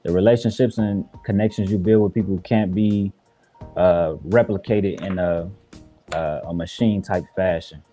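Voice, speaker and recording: A man's voice: sits low, fairly even intonation, moderate pace, mellow, faint music behind. A man from Chicago, a guest rapper, answering interview questions in an earnest, reflective way with many fillers. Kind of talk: casual interview talk.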